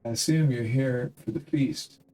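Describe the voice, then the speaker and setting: A man voicing an eager, cheerful young local man who talks in an excited rush. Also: medium pitch, moderate pace, far from the mic, lightly acted, poor audio.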